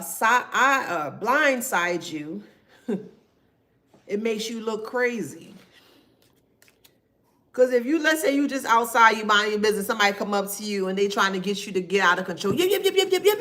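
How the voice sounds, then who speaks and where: A woman giving casual spiritual commentary to her viewers, slow and drawn-out, sarcastic and laughing often. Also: mid-range voice, fairly bright tone.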